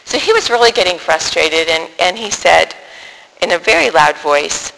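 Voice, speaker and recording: A middle-aged woman telling a personal faith story in an animated way, acting out the dialogue and laughing often. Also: on the low side, normal speed, creaky. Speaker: speaker sharing a faith testimony. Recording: echoey hall with long reverb.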